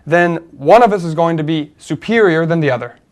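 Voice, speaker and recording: A man with a fairly high speaking voice leads a relaxed talk show discussion. He works through an argument step by step, pausing on fillers and restarting sentences as he thinks aloud. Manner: thoughtful, explaining step by step with many fillers and restarts. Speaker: co-host. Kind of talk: conversational discussion.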